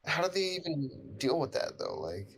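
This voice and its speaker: A man's voice: medium pitch, very animated, moderate pace, breathy edge. A man co-hosting a podcast, reacting in disbelief and swearing casually. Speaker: podcast co-host. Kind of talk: casual chat.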